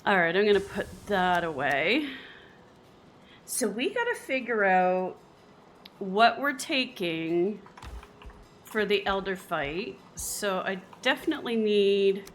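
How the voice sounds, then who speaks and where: Canadian woman game streamer, unhurried and chatty, medium pitch, laughs a lot. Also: sing-song, fairly bright tone, a little hiss or hum. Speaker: live streamer. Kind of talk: casual chat while streaming a game.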